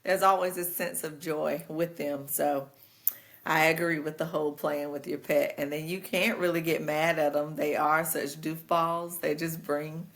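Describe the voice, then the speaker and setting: Gravelly low-voiced woman co-host. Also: fairly even intonation, measured pace, a bit bright. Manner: laid-back, jokey, speaks in loose colloquial phrasing. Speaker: podcast co-host. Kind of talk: casual chat.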